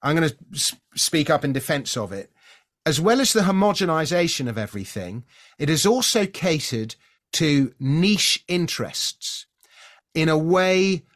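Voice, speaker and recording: A man's voice: on the high side, very animated, a little slow, fairly bright tone. A middle-aged man from London hosting an interview, chatty and opinionated, often hesitating at the start of a point. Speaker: podcast host. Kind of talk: conversational interview.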